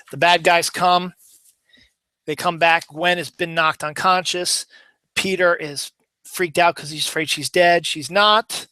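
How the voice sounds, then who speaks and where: A man's voice: a little high, sharp tone, no echo. A man casually recapping a comic book issue for his channel, rambling and correcting himself as he goes. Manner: rambling, chatty, self-correcting.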